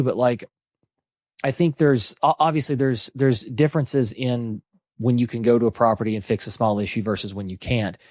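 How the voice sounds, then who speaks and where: Man, East Tennessee accent, podcast co-host, joking casual chat, mid-pitched voice. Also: darkish tone, dry recording, studio quality. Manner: chatty, joking, many restarts.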